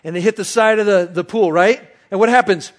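A man preaching a sermon as pastor, telling a story with loud excited bursts that drop to quiet reflection. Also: high-pitched, brisk. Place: church service.

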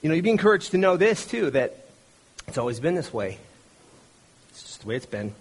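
A middle-aged male pastor with a somewhat high, husky voice. He preaches in a relaxed, conversational way and tells the story as he goes. He stumbles and restarts often and slips into other voices for the people he quotes. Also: brisk. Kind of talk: conversational sermon.

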